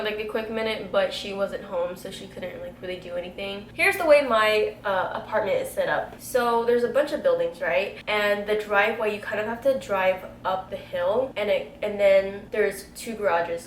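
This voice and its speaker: A young woman, telling a story to camera in a casual, animated way and swearing freely. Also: medium pitch. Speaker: beauty vlogger telling a story. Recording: echoey room, faint background noise.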